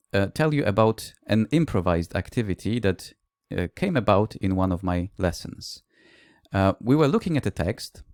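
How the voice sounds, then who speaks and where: Man, language teacher, conference presentation, lowish voice, explanatory, dry close sound. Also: darkish tone, no echo. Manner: explanatory, classroom anecdotes, occasional "uh" fillers.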